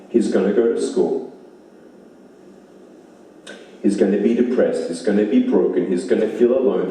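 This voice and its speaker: A man with a mellow, low voice works as a motivational speaker here, giving an emphatic speech and repeating lines to drive them home. Recorded with a far-off mic in a hall with lots of echo.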